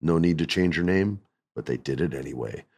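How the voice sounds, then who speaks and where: Deep-voiced man hosting a podcast. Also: a little fast, husky. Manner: animated, joking storyteller. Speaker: podcast host. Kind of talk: casual podcast chat.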